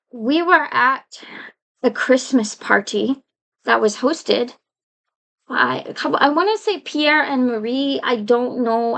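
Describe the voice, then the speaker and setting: Woman vlogger, high voice, casual rambling anecdote full of restarts. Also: gravelly, a bit bright, poor audio. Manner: rambling, conversational, many restarts and asides. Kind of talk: casual storytelling monologue.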